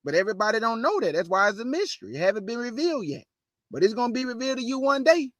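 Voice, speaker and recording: A man's voice: very high voice, sing-song, rapid-fire, a bit bright, no room sound, clean studio sound. A man preaching to an online audience in a fired-up, emphatic way, repeating his points, firing off rhetorical questions and calling his listeners family. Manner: casual slangy delivery with rhetorical questions. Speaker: online show host and preacher.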